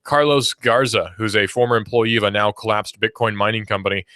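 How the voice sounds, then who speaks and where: Man, radio talk host, casual and joking, lowish voice, dry close mic. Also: fairly even intonation, fairly quick, bright, forceful tone, clean tone, no room sound. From Georgia, US. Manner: chatty, self-deprecating asides. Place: radio studio. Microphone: studio microphone.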